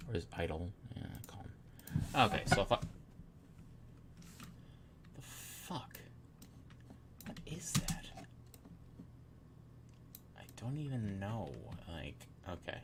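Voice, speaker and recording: A man's voice: on the low side, sing-song, slow, pauses often, noisy background. A man streaming live as he works at his computer, chatting casually, muttering to himself and swearing often.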